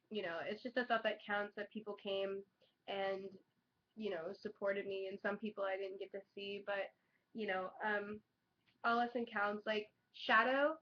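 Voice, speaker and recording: A young woman vlogging in casual chat, excitable and chatty, peppering her talk with "like" and swearing. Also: medium pitch. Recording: dull lo-fi webcam audio.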